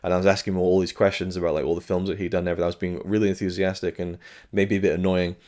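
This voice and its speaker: A man with a low, level, a little mellow voice talks very fast as he reviews a film release on his own channel. His take is candid and conversational, dotted with fillers and blunt comments.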